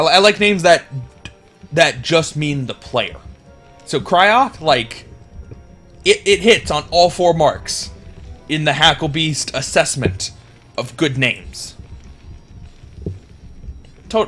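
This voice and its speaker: A young man casting a video game match, rambling and chatty, getting excited at big plays. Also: a little high. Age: young adult. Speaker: game caster. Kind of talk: casual esports commentary.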